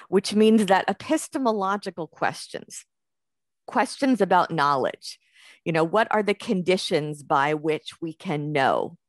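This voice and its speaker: Low-voiced woman lecturing. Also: dry recording. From United States. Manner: conversational, thinking aloud with fillers. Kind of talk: academic lecture.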